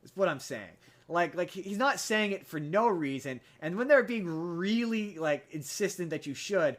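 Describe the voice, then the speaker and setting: Animated and at a moderate pace, a man hosting a podcast casually recounts a movie's plot. He rambles, restarts many times and switches to high-pitched voices for the characters he quotes.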